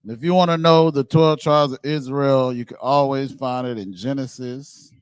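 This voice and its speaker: A man giving a blunt, casual preaching talk, animated and swearing freely. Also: mid-range voice, normal speed, smooth, dry recording. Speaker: speaker on a religious group's show.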